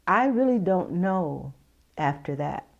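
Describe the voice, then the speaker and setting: Middle-aged mom telling her story, low mellow voice, kinda dull lo-fi sound, halting and emotional. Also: big pitch swings, gravelly. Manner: halting, emotional retelling with quoted dialogue. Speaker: interviewee, mother of a survivor. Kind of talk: personal testimony interview.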